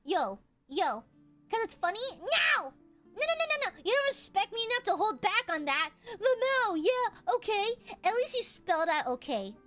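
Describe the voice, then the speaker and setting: Woman streamer, very high voice, lively swooping pitch, excitable, swears a lot. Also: moderate pace, soft background music. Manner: excitable, swears, shouts and laughs at chat. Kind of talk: casual live-stream chat.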